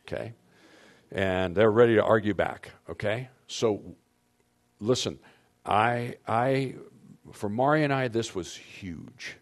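A man's voice: fairly low pitch, slow, pauses often. Man giving an emphatic marriage talk. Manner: emphatic, addresses audience directly. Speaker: marriage seminar speaker. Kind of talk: teaching talk to couples.

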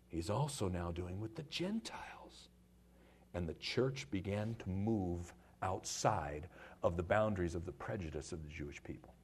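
Animated husky male preacher. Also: fairly low pitch. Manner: lively storytelling, acting out voices. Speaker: pastor. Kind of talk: sermon.

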